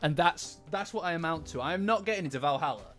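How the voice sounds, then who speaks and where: An excitable male streamer chatting casually with his viewers and swearing freely. His pitch leaps all over as he gasps and exclaims. Soft music plays faintly behind him. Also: quick pace. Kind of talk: casual live-stream chat. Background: faint background music.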